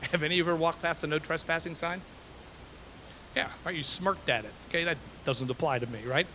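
A man's voice: a little high, normal speed, sharp tone, a little hiss or hum, rough recording. Emphatic male pastor preaching. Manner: emphatic, repeats phrases, frequent "okay?" and "right?". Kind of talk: sermon.

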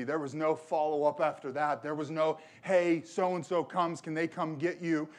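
Pastor guy preaching hard, voice a bit on the high side, keeps repeating stuff to drive it home. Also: fairly even intonation, normal speed, hardly any pauses. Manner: emphatic preaching with personal storytelling; repeats phrases for emphasis. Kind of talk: sermon.

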